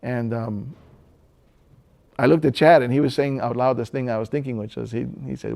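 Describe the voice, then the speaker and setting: A man from Hawaii telling a personal story in a relaxed, conversational way, pausing often and chuckling now and then. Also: medium pitch, gravelly, a little hiss or hum.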